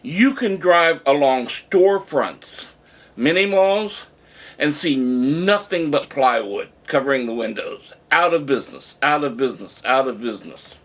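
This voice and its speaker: A man's voice: on the high side, unhurried. A man telling a story in a casual monologue, acting out the lines he quotes. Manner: animated retelling, acts out shouted quotes. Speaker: vlogger.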